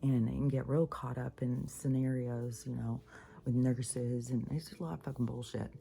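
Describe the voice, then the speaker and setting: A woman's voice: extremely low pitch, fairly even intonation, normal speed, creaky, warm tone. A woman talking in a rambling, profane monologue, full of fillers and restarts, as a spiritual vlogger.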